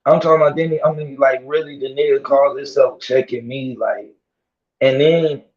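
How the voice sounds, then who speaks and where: A man ranting casually to his audience in heavy slang, laughing and repeating himself, his voice strained from yelling. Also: mid-range voice, steady tone, normal speed, echoey room. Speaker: vlogger. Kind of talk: casual rant to camera. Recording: dull lo-fi audio.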